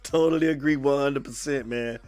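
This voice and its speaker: A man hosting a live fan show, feeling under the weather and calling out viewers' names in a casual, animated chat. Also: medium pitch, no echo, soft background music. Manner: drawn-out greetings, animated, calls out commenters by name. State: a little sick, under the weather.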